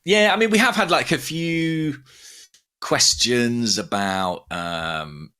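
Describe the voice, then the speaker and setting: A man's voice: medium pitch, slow, pushed and bright, clear, resonant tone. A man in his thirties, from England, co-hosting a casual chat with emphatic, thinking-aloud talk. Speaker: podcast co-host.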